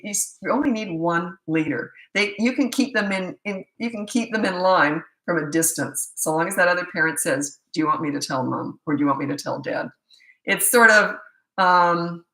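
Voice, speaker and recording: A woman's voice: lowish voice, sharp tone. Chatty middle-aged woman in a roomy space. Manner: chatty storyteller who acts out quoted remarks. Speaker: parenting coach and show host. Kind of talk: casual live Q&A chat. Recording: roomy echo.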